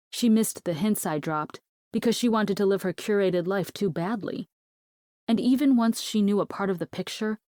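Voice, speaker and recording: A woman narrates a first-person romance audiobook in a steady, intimate storytelling voice. Her voice sits a little low, and the recording is dry and close. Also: dry recording.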